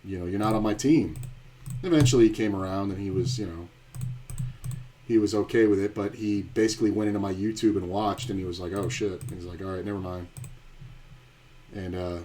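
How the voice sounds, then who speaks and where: A man's voice: deep voice, steady tone, fairly quick, long pauses, warm tone, slight background noise. A man streaming poker and telling a rambling, blunt, profane story in casual chat.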